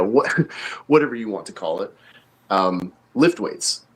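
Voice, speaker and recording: A man with a very low voice, co-hosting a casual podcast as a coach. He explains things at length, thinking aloud with fillers and restarts. His tone stays conversational and informal. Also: fairly bright tone, low-quality recording.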